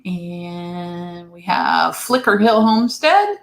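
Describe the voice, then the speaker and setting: A woman's voice: lowish voice, expressive, takes it slowly, gravelly. A woman co-hosting a casual live stream, friendly, laughing often and greeting viewers by name.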